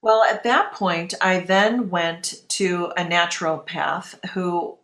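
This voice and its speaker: A woman's voice: lowish voice, fairly even intonation, slow pace, fairly bright tone, reverberant. Candid woman telling a personal story. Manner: candid, emotional, quotes her own past thoughts. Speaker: guest.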